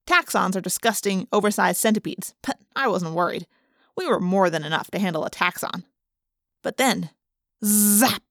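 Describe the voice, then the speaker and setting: A woman's voice: medium pitch, expressive, normal speed, dry recording, clean studio sound. A woman narrating a children's adventure book in the first person, reading with dramatic expression. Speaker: audiobook narrator.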